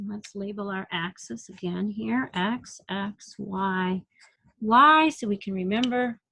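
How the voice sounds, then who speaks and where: A woman's voice: a little high, fairly bright tone, no echo. Patient woman teaching a math lesson. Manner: patient, counts units aloud, asks the class questions. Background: dog barking.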